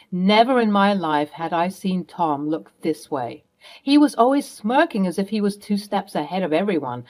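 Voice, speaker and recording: A woman narrates a storytime account at an even, steady pace. Her delivery is plain and matter-of-fact. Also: mid-range voice.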